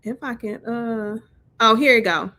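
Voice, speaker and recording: A woman commenting on a livestream, sarcastic and blunt, breaking in loudly as she reads a post aloud. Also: fairly high pitch, a little slow. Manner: sarcastic, interjects loudly while reading.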